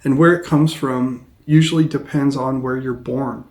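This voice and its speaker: A man from Seattle with a General American accent, explaining accents in a casual, hesitant way with many pauses. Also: mid-range voice, fairly even intonation, a little mellow. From Seattle, United States. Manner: plain, hesitant with frequent ums. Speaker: English teacher. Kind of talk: casual educational talk.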